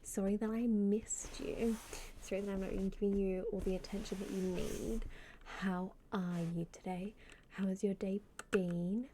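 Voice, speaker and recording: A woman streamer chatting casually with her viewers, greeting them by name and often dropping into a soft half-whisper. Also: mid-range voice, steady tone, normal speed, slight background noise. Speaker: live streamer. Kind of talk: casual live-stream chat.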